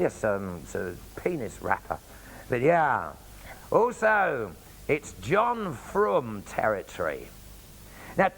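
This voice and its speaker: Gravelly, lively raconteur. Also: male voice, high voice, poor audio. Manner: animated storytelling with cheeky asides. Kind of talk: comic travel monologue.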